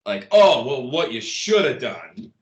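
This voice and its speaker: A man's voice: medium pitch, very animated, a little slow. A man, a guest in an interview, telling a long anecdote in a rambling, casual way with many fillers and restarts. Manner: rambling, lots of "like" and restarts, laughs at his own story.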